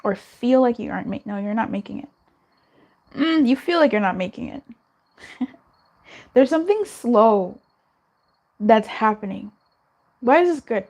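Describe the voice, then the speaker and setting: A woman's voice: a little high, animated, a little slow, pauses often, a little mellow. A young woman doing a live tarot reading in a chatty, reassuring way, giggling and swearing now and then. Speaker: tarot reader.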